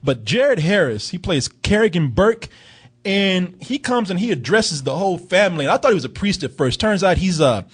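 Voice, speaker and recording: A male film reviewer talking casually and animatedly with plenty of swearing. His voice sits fairly high and swings widely, with a husky edge. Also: sing-song, moderate pace. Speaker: film reviewer, podcast host. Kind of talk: casual chat.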